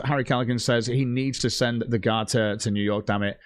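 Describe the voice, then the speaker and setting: A man on a livestream, blunt and full of swearing as he rants and reads out chat. His pitch is ordinary for a man. The sound is dry, with no room echo. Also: fairly quick. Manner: blunt, profane, angry. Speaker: streamer. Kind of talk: livestream rant, reading chat.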